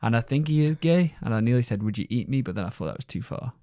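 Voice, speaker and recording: A man's voice: mid-range voice, expressive, fast talker, warm tone, no room sound. A young man co-hosting a casual podcast, telling stories and laughing at himself. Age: young adult. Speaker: podcast co-host.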